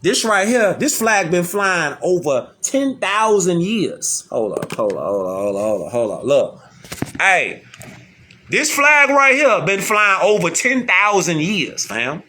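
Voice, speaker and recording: A man's voice: high-pitched, sing-song, unhurried, pushed and bright. A man giving a casual, slangy streetwise monologue, repeating himself and firing off rhetorical questions. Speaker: online commentator.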